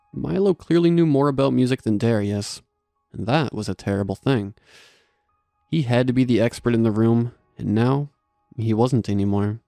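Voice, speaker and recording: Gravelly man narrating horror. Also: lowish voice, dark tone, no echo. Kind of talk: scripted narration.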